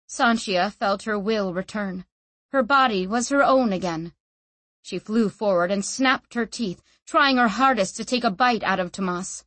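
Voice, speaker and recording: A woman narrating a story in measured, dramatic scripted narration. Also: mid-range voice, fairly bright tone, dry recording. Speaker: audiobook narrator.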